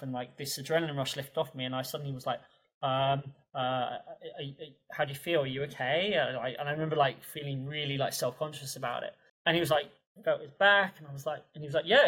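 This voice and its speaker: A man telling a personal story as a podcast guest, animated and full of fillers. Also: on the high side, fast talker, low-quality recording. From England. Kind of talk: conversational storytelling.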